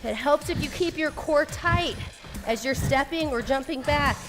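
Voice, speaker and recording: A woman's voice: sits high, moderate pace. A woman leading a follow-along workout, coaching with upbeat encouragement while getting out of breath. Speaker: fitness instructor. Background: workout music.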